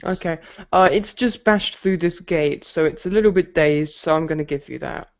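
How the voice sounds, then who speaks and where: A man running a tabletop game as game master, relaxed and hesitant with many fillers. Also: fairly high pitch, moderate pace. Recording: dull lo-fi home recording.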